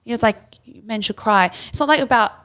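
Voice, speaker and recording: A woman's voice: fairly high pitch, a little fast, a bit bright. A young Australian woman hosting a podcast, talking earnestly in a casual chat, full of "like". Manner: earnest, hedging with many "like" fillers. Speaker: podcast host.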